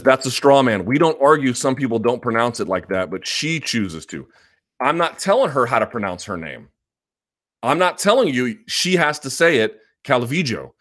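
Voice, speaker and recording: A man's voice: mid-range voice, a bit bright. A man hosting a live podcast chat, arguing his points emphatically and then talking casually with many fillers. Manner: emphatic and combative, repeats points. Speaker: MMA podcast host. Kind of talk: live-stream commentary.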